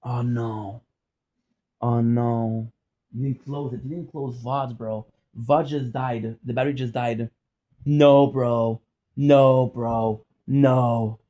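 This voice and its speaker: A man's voice: mid-range voice, fairly even intonation, slow pace, warm tone. Annoyed swearing man, dull lo-fi sound. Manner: frustrated, swearing, repeating himself. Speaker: gaming streamer. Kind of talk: casual vlog to viewers. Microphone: phone.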